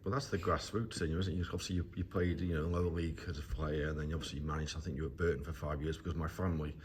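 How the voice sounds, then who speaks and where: A man's voice: a bass voice, fairly even intonation, very fast, slight background noise. A man interviewing a guest, asking chatty, friendly questions.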